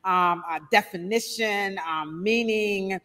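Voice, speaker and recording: A woman hairstylist, hosting a casual live stream with animated shout-outs and playful asides. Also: mid-range voice, slow, in a large hall.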